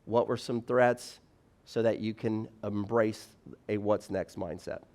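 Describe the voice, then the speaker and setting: Animated man giving a campus chapel talk. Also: lowish voice, measured pace. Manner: animated, conversational, acts out little scenes. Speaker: campus speaker.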